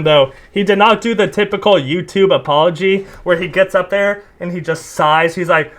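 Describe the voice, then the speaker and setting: A man's voice: a little high, a little fast, hardly any pauses, a bit bright. Blunt, sarcastic man reacting casually. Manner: sarcastic, blunt, swears freely. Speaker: commentary host.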